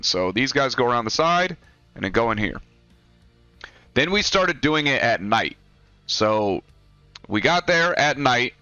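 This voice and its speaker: A young former Marine casually tells a rambling, profane story while pointing things out on a map. His medium-pitched voice has a bright, forceful tone with no echo, and the dry, dull lo-fi recording carries faint music.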